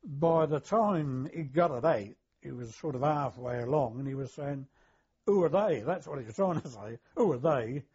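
An older war veteran recalling his service in an interview, hesitant, with many fillers, throat clearing and chuckles. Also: medium pitch, moderate pace, hardly any pauses, darkish tone, lo-fi sound. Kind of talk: oral history recollection.

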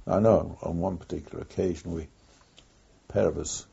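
An older man, a former wartime pilot, recounting his memories in an oral history interview with an unhurried, reflective pace and frequent pauses. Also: low-pitched, steady tone, creaky, warm tone, breathy edge. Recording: dull lo-fi recording.

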